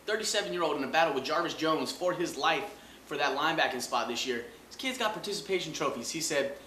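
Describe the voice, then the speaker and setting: A man hosting a comedy sports rant, his voice bright and forceful and pitched a bit high. He riffs loudly and mocks as he goes. The sound bounces around an echoey room with faint ambience behind it. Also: quick pace, a little hiss or hum. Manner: loud, animated riffing with mocking asides. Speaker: host.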